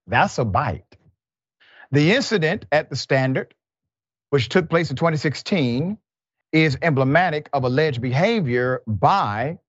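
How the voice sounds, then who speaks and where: A man's voice: medium pitch, no room sound. A man hosting a news commentary show, reading reports aloud and breaking into exasperated asides. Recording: dull, muffled, lo-fi sound.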